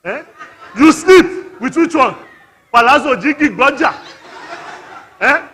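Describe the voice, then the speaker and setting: Nigerian male conference preacher; very high, sharp tone; playful, call-and-response delivery. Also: slow pace. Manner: lively, teasing, calls out to the audience. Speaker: conference speaker. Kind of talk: interactive family-life sermon. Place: church conference hall.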